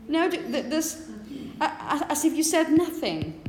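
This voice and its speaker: High-pitched and sing-song, a phonetics teacher delivers a classroom lecture slowly, with many repetitions and frequent "okay?" checks. The recording has a long classroom reverb and a faint hiss.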